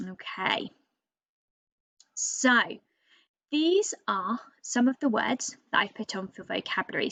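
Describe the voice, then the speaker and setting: A woman primary school teacher giving a recorded reading lesson, explaining step by step in a gentle way. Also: fairly high pitch, no room sound. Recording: dull lo-fi dry recording.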